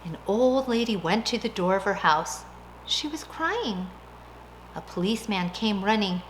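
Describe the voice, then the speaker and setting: A woman reading a picture book aloud to a child in a gentle, expressive, sing-song way. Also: medium pitch, a little slow, slight background noise. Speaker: reader of a bedtime story.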